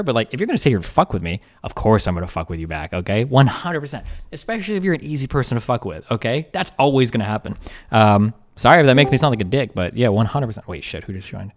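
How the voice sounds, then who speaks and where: A man streaming, talking casually and profanely while reading messages aloud. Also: medium pitch.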